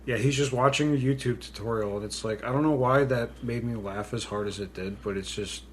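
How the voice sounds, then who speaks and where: A man's voice: mid-range voice, brisk, a little hiss or hum. A man co-hosting a podcast in casual chat, retelling movie scenes loosely and swearing freely. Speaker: podcast co-host.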